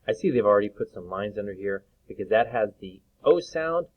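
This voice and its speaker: A male teacher leading a reading lesson for young children, slowly sounding out vowels and words. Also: lowish voice, animated. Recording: phone-like lo-fi sound.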